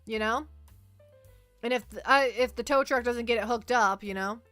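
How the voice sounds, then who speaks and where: A woman streaming as a VTuber, chatting casually in a rambling, animated way and reacting to her chat. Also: on the high side, moderate pace, dry recording, soft background music. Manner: rambling, animated storytelling, reads chat aloud.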